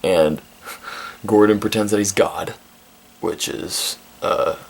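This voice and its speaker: A man's voice: lowish voice, slow, vocal fry. A man in his twenties casually recapping a movie with profane, rambling humor and frequent laughs. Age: 20s. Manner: rambling, profane, laughs often, many restarts. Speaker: vlog host reviewing a movie.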